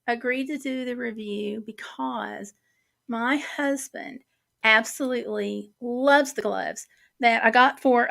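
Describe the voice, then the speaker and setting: A woman with a drawl chats loosely with her viewers from her home office. Her voice sits high and sounds bright and forceful. She drifts from one thing to the next in a friendly, unplanned ramble. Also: creaky. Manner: rambling, chatty, easily sidetracked. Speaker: livestream host. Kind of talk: casual livestream chat.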